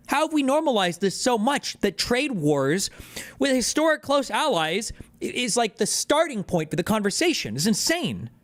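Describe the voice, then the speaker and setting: A man's voice: very high-pitched, sing-song, normal speed. A man in his thirties streaming political reaction commentary, ranting in a heated, profane and exasperated way.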